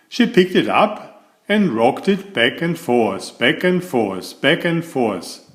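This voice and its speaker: Slow, expressive male storybook reader. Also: medium pitch. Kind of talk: read-aloud picture book narration.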